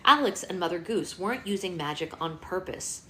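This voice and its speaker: A woman's voice: lowish voice, animated, normal speed, a bit bright, a little hiss or hum. Woman, live read-aloud, casual, playful, phone mic. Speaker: host reading aloud.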